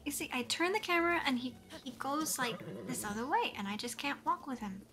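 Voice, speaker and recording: A woman streamer chatting casually while she plays, giggly and rambling, full of "like" fillers. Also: on the high side. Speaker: game streamer. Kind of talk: casual live-stream chat while playing.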